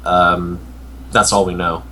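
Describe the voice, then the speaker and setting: A man playing in a tabletop game, deliberately explaining a dice rule. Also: deep voice, flat delivery, crowd noise. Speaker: player. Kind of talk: explaining game mechanics in casual chat.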